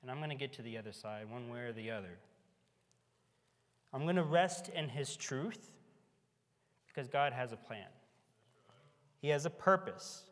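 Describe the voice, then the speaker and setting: A man's voice: medium pitch, normal speed, pauses often. A man preaching a sermon in a folksy, emphatic way, with a band on hand in a large hall. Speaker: pastor. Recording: echoey hall.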